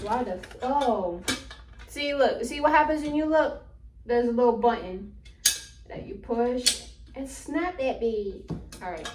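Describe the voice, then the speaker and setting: A woman's voice: mid-range voice, heavy background noise. A young woman, chatting casually while building something, blunt and swearing, a bit out of breath. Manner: blunt and chatty, swears freely, mutters to herself. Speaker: vlogger. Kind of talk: casual vlog, talking to camera while assembling. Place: room at home. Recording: echoey room, mic at a distance.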